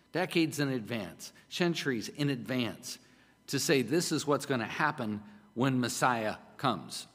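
A man's voice: medium pitch, long reverb tail. A middle-aged man preaching a sermon, emphatic and conversational, often asking his listeners rhetorical questions. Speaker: pastor.

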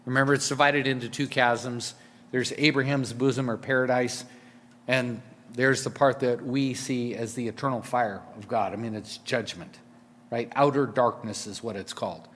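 A man's voice: mid-range voice, steady tone, moderate pace, fairly bright tone, in a large hall. A male pastor preaching a sermon in a casual, conversational way, with fillers and repeated words.

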